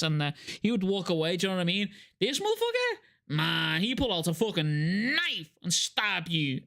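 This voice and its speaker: A young man reacting to a video with loud, profane, excitable banter. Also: high-pitched, moderate pace. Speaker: YouTube reaction host.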